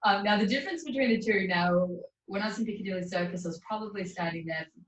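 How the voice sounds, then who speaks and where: A woman's voice: mid-range voice, fast, slight background noise. A woman guest in an interview, earnestly retelling her experiences with quoted dialogue. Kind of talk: storytelling in conversation. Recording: dull roomy distant sound.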